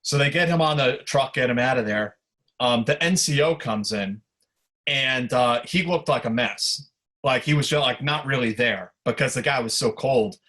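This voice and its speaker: A man's voice: medium pitch, moderate pace. A man appearing as a podcast guest, telling an anecdote in an easygoing, chatty way. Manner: relaxed anecdotal telling with fillers. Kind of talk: casual storytelling.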